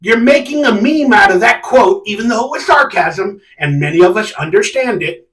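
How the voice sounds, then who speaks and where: A man's voice: sits high, animated, normal speed, a bit bright, far from the mic. A man hosting a sports fan live stream, ranting casually and animatedly with sarcastic, exasperated outbursts. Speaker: sports fan channel host. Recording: echoey room, a bit off mic.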